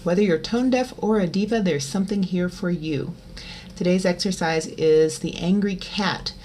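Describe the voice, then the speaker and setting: A woman with a fairly low speaking voice leads a singing lesson in a relaxed, chatty way. She stops now and then for loud twangy sung demonstrations. A faint hiss sits under the recording. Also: moderate pace. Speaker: voice teacher. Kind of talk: vocal lesson.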